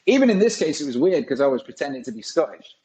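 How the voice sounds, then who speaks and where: A man's voice: fairly high pitch, big pitch swings, quick pace, warm tone, breathy edge, low-quality recording. A man in his forties, a guest on a podcast, telling rambling stories in a casual way and swearing often. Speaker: guest musician. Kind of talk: casual storytelling.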